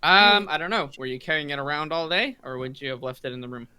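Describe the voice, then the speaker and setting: A man narrating as game master of a tabletop game, halting with restarts and throat clearing. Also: a little high, lively intonation, pushed and bright.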